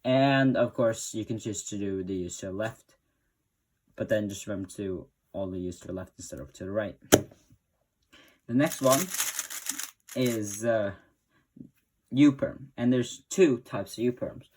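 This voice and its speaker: A man's voice: fairly low pitch, unhurried, long pauses, a little mellow, breathy edge. A man hosting a casual spoken tutorial, talking in a stop-start way and correcting himself as he goes. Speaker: tutorial host.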